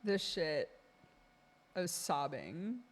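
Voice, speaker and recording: A woman's voice: low-pitched, big pitch swings, slow pace. A woman streamer chatting casually with her viewers, laughing often as she talks. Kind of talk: casual live-stream chat.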